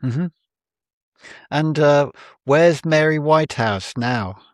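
A man's voice: a little high, takes it slowly, dry recording. A man chatting as a guest on a podcast, dropping dry joking asides. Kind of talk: casual podcast chat.

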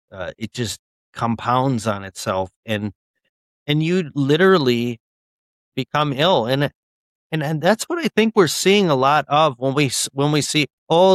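A young man explains his views earnestly, pausing often with ums and restarting his sentences. His pitch is middling. The sound is dry and close to the mic. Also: dry recording. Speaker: author and guest. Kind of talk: casual interview chat.

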